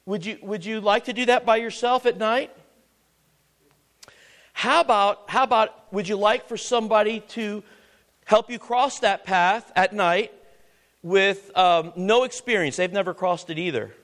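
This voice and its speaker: A man preaching a sermon, repeating phrases, asking the congregation questions, and swinging from loud exhortation to a hushed near-whisper. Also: sits high, a little slow.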